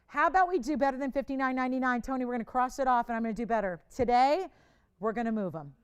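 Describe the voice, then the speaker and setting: A middle-aged woman selling jewelry on live television, talking in a smooth, resonant voice set a little above the usual for a woman. She pushes hard and repeats herself for emphasis. She drops into quiet, confiding asides, then climbs into loud, excited bursts. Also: sits high, fast. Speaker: shopping channel jewelry host. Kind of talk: live sales pitch.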